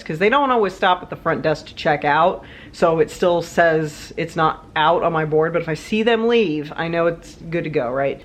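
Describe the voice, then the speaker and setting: Chatty woman vlogger telling a story. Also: on the low side. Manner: chatty, animated, laughs often, many asides. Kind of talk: casual storytelling to camera.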